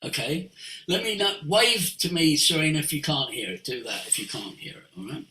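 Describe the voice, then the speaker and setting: Male voice coach, very bright and lively, preachy teaching talk, roomy video-call echo. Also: fairly high pitch, normal speed, slight background noise. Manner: animated and preachy, sweeping emphasis.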